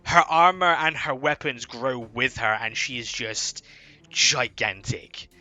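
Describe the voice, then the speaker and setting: A man narrating a tabletop game as game master, setting the scene in slow, descriptive detail. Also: mid-range voice, sharp tone.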